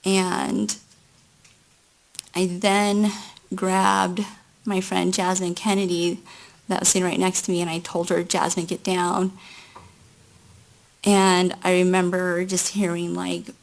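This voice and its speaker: Slow, gravelly-voiced woman testifying. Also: lowish voice, little pitch movement. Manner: slow, halting recounting. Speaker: trial witness. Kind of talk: courtroom testimony.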